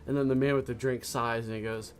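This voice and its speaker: A man's voice: mid-range voice, fairly even intonation, fast talker. A man chatting casually during a multiplayer game, telling a long joke and laughing at his own jokes. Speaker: gamer.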